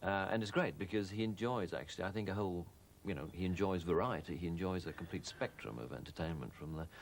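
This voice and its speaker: A man giving measured, slightly hesitant interview commentary. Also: low-pitched, a little hiss or hum. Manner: measured, hesitant, repeats words.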